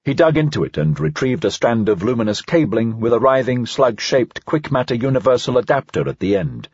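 A man giving a scripted, evenly measured narration of an audiobook. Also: medium pitch, lively intonation, a little mellow, slightly rough, no echo, dull audio.

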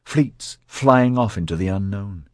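A man's voice: on the low side, lively intonation, unhurried, darkish tone, no room sound, clean studio sound. A man voicing an eager, earnest young husband and father in an audiobook. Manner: enthusiastic, earnest.

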